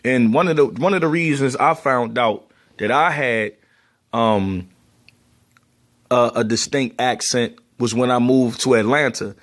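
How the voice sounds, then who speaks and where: A man's voice: mid-range voice, measured pace. A man from Baltimore with a heavy Baltimore accent, talking casually to camera with plenty of ums and restarts. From Baltimore, USA. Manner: conversational, many ums and repeated words. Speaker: vlogger.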